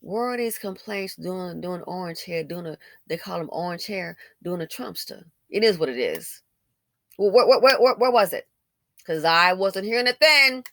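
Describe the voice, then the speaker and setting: A woman's voice: on the low side, lively intonation, moderate pace, a bit bright, dry recording. Blunt, emphatic woman in dry commentary. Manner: emphatic, repeats phrases, asks rhetorical questions; blunt and colloquial. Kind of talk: opinionated commentary.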